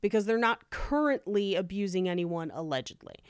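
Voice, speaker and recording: A woman's voice: mid-range voice, animated, a little fast, clean tone, no room sound. Chatty woman telling a story, dry sound. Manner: chatty, lots of "like", laughs easily. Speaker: podcast co-host telling the story. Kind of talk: casual conversational storytelling.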